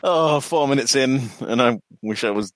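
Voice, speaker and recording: A man's voice: mid-range voice, moderate pace, dry recording. A man co-hosting a podcast, chatting casually with dry, self-deprecating humor. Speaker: podcast co-host.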